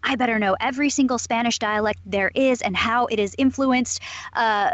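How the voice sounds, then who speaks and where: A woman's voice: fairly high pitch, moderate pace, no echo, highs cut off. A young woman from Southern California with a Valley Girl accent, a voice actress chatting in an interview, bubbly and upbeat with lots of fillers. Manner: bubbly, upbeat, laughs often, many fillers. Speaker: voice actress guest. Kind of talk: casual interview talk.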